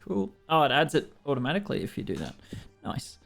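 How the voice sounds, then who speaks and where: An Australian man running a tabletop game as dungeon master, unhurried and fumbling with the software between rulings. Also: on the high side, wildly swooping pitch, vocal fry, faint music behind.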